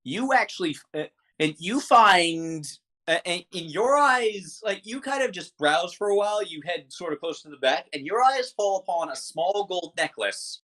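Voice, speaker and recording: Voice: mid-range voice, lively intonation, moderate pace, fairly bright tone. A game master describes a tabletop game scene to the players. The delivery is hesitant, with frequent restarts.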